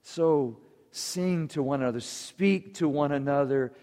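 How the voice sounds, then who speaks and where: A man's voice: a little high, measured pace, mellow. A man preaching a sermon to his congregation, earnest and emphatic. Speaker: pastor. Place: church sanctuary. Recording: long church reverb.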